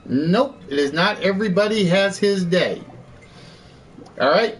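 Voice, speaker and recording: A man's voice: high voice, lively intonation, a little slow, a little hiss or hum. A man hosting a live online game show, chatty, repeating and rephrasing his quiz questions, with an occasional cough.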